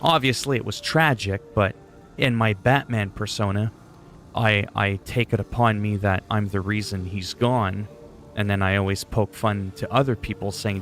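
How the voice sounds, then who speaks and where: A man's voice: on the low side, fairly even intonation, normal speed, fairly bright tone, soft background music. A man chatting casually on a gaming livestream, rambling and goofy, often poking fun at himself. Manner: rambling, goofy, self-deprecating.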